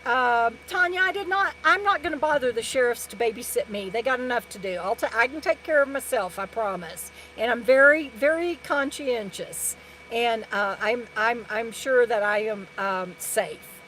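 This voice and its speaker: High-voiced chatty woman. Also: normal speed, a bit bright, a little hiss or hum, rough recording. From Texas. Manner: rambling and chatty, many restarts and fillers. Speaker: RV lifestyle vlogger. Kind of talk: live stream chat reading viewer comments.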